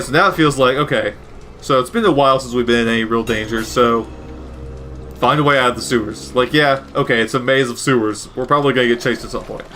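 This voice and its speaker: Man, bright voice, wry rambling gameplay commentary, faint noise behind. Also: mid-range voice. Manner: rambling, wry, self-correcting. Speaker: gaming commentator.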